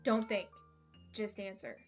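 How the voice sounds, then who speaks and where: A woman voicing a pushy, scheming twelve-year-old girl in a video game, with a brisk, bossy, conspiratorial delivery. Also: medium pitch, faint music behind, pitched below the performer's own voice, natural voice.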